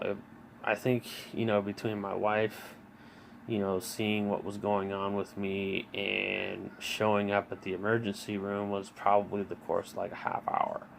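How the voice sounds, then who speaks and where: A man in his thirties with a lowish, gravelly voice tells his own story in a loose, rambling way. He fills every pause with fillers, restarts often and swears freely. Faint room noise sits under his voice. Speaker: vlogger. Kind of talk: casual personal storytelling.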